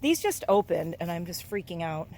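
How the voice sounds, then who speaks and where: A woman's voice: on the low side, big pitch swings, normal speed, darkish tone, a little hiss or hum. A woman vlogging casually from her backyard chicken coop and garden, cooing and baby-talking at her chicks between chatty explanations, recorded on a handheld camera. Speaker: homestead vlogger. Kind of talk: casual vlog tour.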